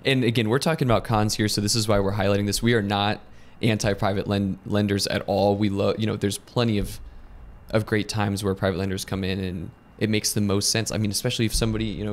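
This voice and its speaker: A man with an American accent co-hosting a casual business discussion, explaining points step by step in a conversational way. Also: on the low side. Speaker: lending company co-host.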